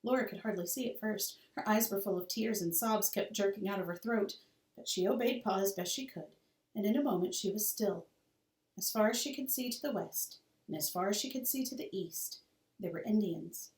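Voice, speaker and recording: A woman's voice: mid-range voice, moderate pace. A woman, a teacher, expressively reading a children's novel aloud to a class. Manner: expressive, storytelling cadence. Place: school room. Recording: roomy, distant mic.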